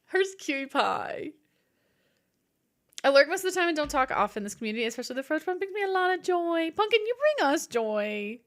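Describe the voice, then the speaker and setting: A bubbly woman streamer chats casually with her viewers in a fairly high voice. Her pitch swings up and down as she talks, and she giggles a lot. She often acts out her own thoughts in little quoted voices. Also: big pitch swings, fast, hardly any pauses. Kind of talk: casual live-stream chat, reading viewer messages.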